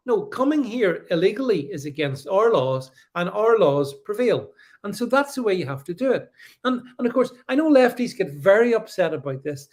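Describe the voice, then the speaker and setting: Hosting a political livestream, this man reads out comments from viewers and answers them with emphatic sarcasm, his high, sing-song voice moving at a moderate pace. Stammers, restarts and sarcastic asides pepper his speech.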